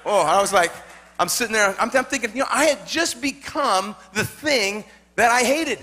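A man preaching a sermon, telling a personal story in an animated way, repeating words and calling for amens. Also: sits high, normal speed. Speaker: pastor.

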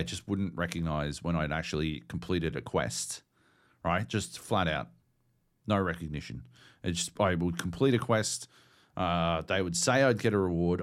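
A young Australian man co-hosting a gaming podcast, ranting and swearing through an animated story. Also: sits low. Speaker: podcast co-host. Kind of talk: casual chat.

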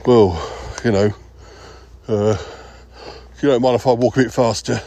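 A man's voice: mid-range voice, fairly even intonation, measured pace, mellow, dry recording. A man voicing a cheerful, bumbling older male yeti uncle who rambles with many ums and uhs. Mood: easygoing. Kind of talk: improvised comedy podcast skit.

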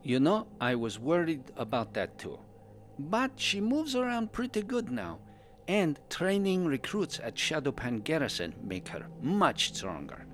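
A man's voice: fairly high pitch, full character voice. Man doing chatty pandaren husband in broken English. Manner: broken English, drops articles and verb endings. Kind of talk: in-character fan podcast storytelling.

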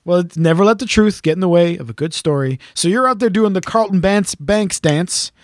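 A man with a notably high voice spins a teasing anecdote, cursing freely as he goes. The sound is dry and close, with no room around it. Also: lively intonation, fairly quick, no echo. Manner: teasing storyteller, swears freely. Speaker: podcast host and gigging singer. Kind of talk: casual chat.

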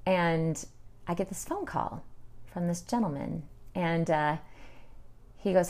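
A woman's voice: lowish voice, unhurried, long pauses, a little mellow. A woman in her forties from Utah, telling her personal story as an interview guest in a chatty way, acting out past conversations with many fillers.

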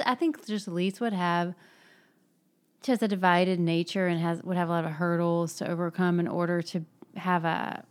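A woman co-hosting a podcast, chatting casually about a novel's characters. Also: lowish voice. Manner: chatty, acts out quoted characters. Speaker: podcast co-host. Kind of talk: casual book discussion.

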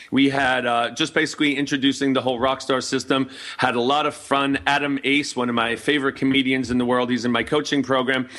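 A man's voice: mid-range voice, bright, forceful tone. A middle-aged man hosting a casual talk show, telling a rambling story full of fillers and restarts. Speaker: host.

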